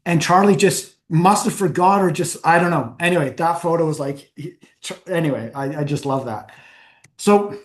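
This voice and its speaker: Man, speaker at an event, chatty storyteller, somewhat high-pitched, echoey hall sound. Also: normal speed. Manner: lively, chatty, laughs at own stories, clears throat often. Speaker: forum founder giving a talk. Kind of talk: anecdotal storytelling talk. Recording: echoey room.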